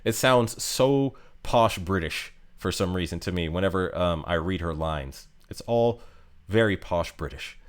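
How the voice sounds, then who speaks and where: A man's voice: deep voice, measured pace, few pauses. A man casually talking through a game character ranking, rambling with many fillers and restarts. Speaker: game guide youtuber.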